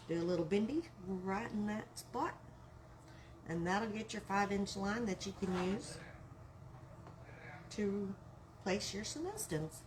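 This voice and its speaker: A woman's voice: medium pitch, a little hiss or hum. A woman with a Texan accent hosting a live craft tutorial, chatting and greeting viewers by name as she works. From Texas. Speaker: craft live-stream host.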